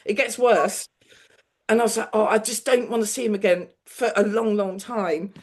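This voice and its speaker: A woman's voice: mid-range voice, fairly even intonation, moderate pace, a little mellow. A middle-aged woman, a television producer on as a guest, telling anecdotes in a casual chat, laughing often and acting out the people she quotes.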